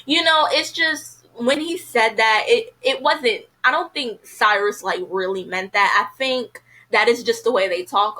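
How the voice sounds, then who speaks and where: A woman's voice: a little high, measured pace, hardly any pauses, sharp tone, poor audio. A woman casually reviewing a TV episode, chatty and frank, filling her talk with "you know".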